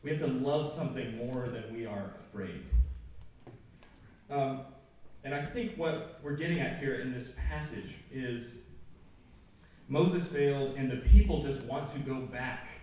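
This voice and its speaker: A man's voice: medium pitch, a little slow, long pauses, warm tone. A man giving an informal chapel talk at a school, conversational and joking, with plenty of asides. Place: large school auditorium. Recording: echoey hall, distant mic, faint noise.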